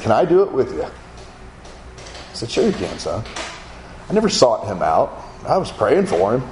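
A middle-aged man preaching in a conversational way, acting out his son's and others' lines in a higher voice. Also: darkish tone, roomy sound, a little hiss or hum, low-quality recording. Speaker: speaker at a men's gathering. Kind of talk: sermon-style storytelling.

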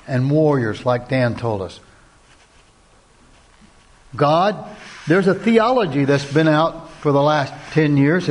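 A man giving an earnest, sermon-like talk to a Christian men's group, repeating key phrases and asking direct questions. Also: a little high. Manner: asks the audience direct questions. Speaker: Christian men's ministry speaker.

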